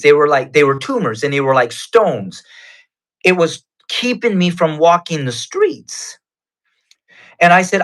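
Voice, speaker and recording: Man, higher-pitched voice, earnest testimony, conversational storytelling. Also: expressive, fairly bright tone. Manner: earnest, conversational, unhurried retelling. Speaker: guest giving testimony.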